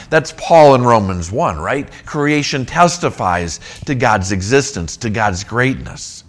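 A man preaching a sermon on scripture, emphatic, rising to near-shouts and dropping low. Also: expressive, takes it slowly, hardly any pauses. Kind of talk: expository sermon.

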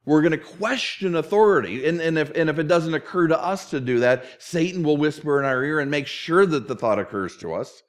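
A middle-aged pastor preaches to his congregation in a voice a little high for a man, speaking a bit fast with few pauses. He tells stories with energy, slipping into the voices of the people in them.

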